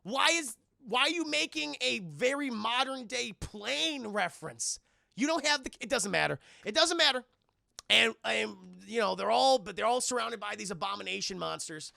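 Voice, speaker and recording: Male streamer, profane and animated commentary, raspy-gravelly, bright tone. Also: very high voice, moderate pace, dry recording, studio quality. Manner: profane, animated, talks to his chat. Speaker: streamer reviewing a film. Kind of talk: casual live-stream movie commentary.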